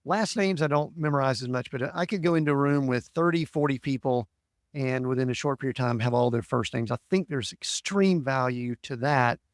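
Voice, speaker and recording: A man's voice: mid-range voice, fairly quick, no echo, studio quality. Conversational male podcast host. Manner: conversational, leads questions with fillers. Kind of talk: interview conversation.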